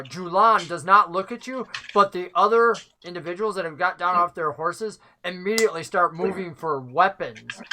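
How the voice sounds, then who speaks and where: A game master narrating a tabletop game in a relaxed way, with frequent filler words. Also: medium pitch, a little hiss or hum.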